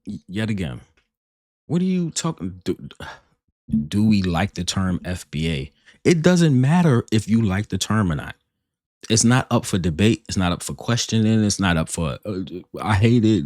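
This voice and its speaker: Deep-voiced man arguing emphatically. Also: a little mellow, no echo, studio quality. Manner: emphatic, repeats himself and restarts while arguing. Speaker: reaction video host. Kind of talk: commenting on a played podcast clip.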